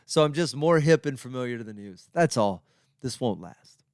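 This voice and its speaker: Wry, smooth-voiced man hosting a podcast. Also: medium pitch, lively intonation, normal speed, no room sound, studio quality. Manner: wry, conversational, self-deprecating asides. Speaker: podcast host. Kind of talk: casual rambling monologue.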